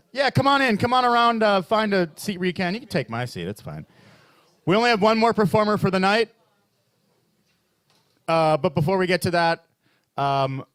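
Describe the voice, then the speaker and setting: Animated man hosting a comedy open mic. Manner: rambling, animated, with many fillers and restarts; jumps into high mock voices and low pompous voices for bits. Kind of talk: stand-up comedy. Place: bar open mic night.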